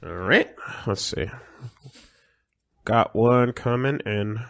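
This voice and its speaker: A man's voice: on the low side, takes it slowly, vocal fry. Laid-back male podcast co-host. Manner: laid-back, swears casually, lots of agreeing "yep". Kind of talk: casual podcast banter.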